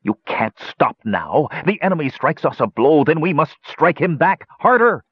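A man voicing a cruel hunchbacked dwarf sorcerer commander who barks insults and orders in a shrill, sneering voice, in an audiobook. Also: very animated, moderate pace, husky, no echo, highs cut off. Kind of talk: audiobook character voice.

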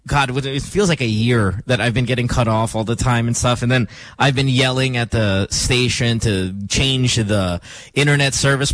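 A man hosting a morning radio show in a studio, talking casually in an animated, joking, playfully dramatic way. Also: medium pitch, no echo. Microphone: studio microphone.

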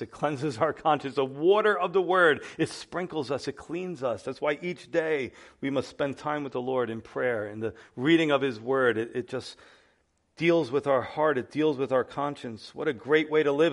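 A man preaching a sermon as pastor, impassioned and swinging between hushed and loud passages. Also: on the high side.

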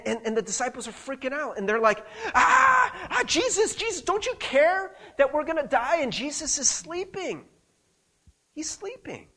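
A man with a fairly high, husky voice delivers a sermon in a chatty, conversational manner. His pitch swings widely as he checks in with listeners and restarts his sentences. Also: a little mellow. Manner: conversational, frequent rhetorical "right?" and restarts. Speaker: pastor.

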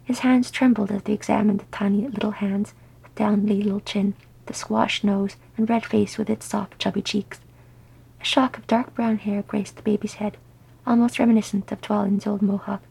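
A woman narrating a story aloud in soft, unhurried reading. Her voice is gravelly and deeply husky, with a mellow tone. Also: flat delivery, low-quality recording. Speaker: audiobook reader. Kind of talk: reading fan fiction aloud.

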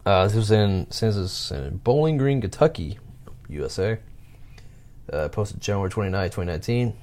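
A man with a somewhat low voice reads stories aloud in a casual, halting way. He pauses with fillers and chuckles as he adds his own remarks. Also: expressive, darkish tone. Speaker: vlogger reading stories aloud. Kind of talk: casual reading with commentary.

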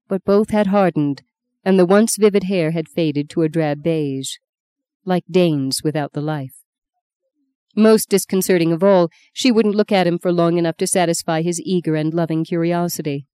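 A woman narrating a novel in a steady, unhurried storytelling voice. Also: fairly low pitch, smooth, no echo. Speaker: audiobook narrator. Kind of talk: scripted narration.

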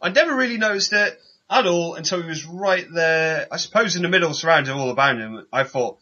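A man's voice: a little high, expressive, fairly quick, pushed and bright, highs cut off. A man co-hosting a podcast, chatting casually about a TV show and joking and laughing often. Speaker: podcast co-host.

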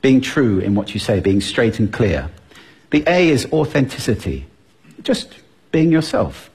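A man speaks from a stage with a very husky, breathy voice. His pitch swoops up and down constantly as he plays with his delivery to show his points. He sounds lively and playful, like a seasoned public speaker. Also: measured pace. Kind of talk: stage talk to a live audience. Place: stage before an audience.

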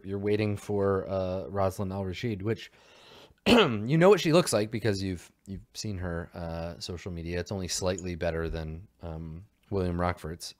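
A man narrating a tabletop game as game master, meandering with many ums and likes and trailing off softly. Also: low voice.

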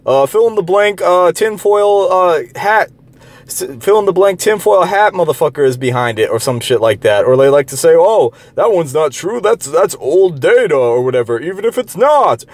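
A man's voice: sits high, very animated, normal speed. A man ranting in a profane monologue, heated and derisive, rambling with many restarts and filler words. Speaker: online commentator.

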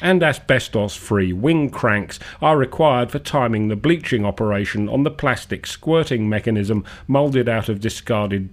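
A man hosts a radio show while feeling unwell, and it shows in his voice. He reads long, absurd lists in a dry, measured deadpan, pitched in an ordinary middle register. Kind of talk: deadpan literary reading on radio.

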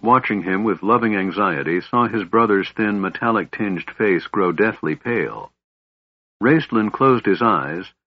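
A man narrating a fantasy novel in a measured, even storytelling voice. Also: lowish voice, no echo. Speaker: audiobook narrator. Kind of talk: scripted narration. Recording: slightly dull, dry recording.

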